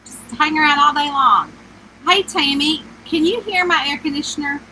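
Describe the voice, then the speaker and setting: A middle-aged woman with a high, squeaky, twangy voice, talking casually into her phone from a little camper. Her tone is sharp and bright, and she sits well up in the higher range. She chats loosely and greets each viewer by name. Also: normal speed, a little hiss or hum, low-quality recording. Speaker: author hosting a livestream. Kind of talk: casual live-stream chat. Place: inside a small camper with the air conditioner running.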